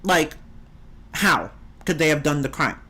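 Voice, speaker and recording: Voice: expressive, measured pace, bright, forceful tone. A game streamer in casual live-stream chat, rambling and opinionated, answering the chat. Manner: rambling and opinionated, with swings in pitch.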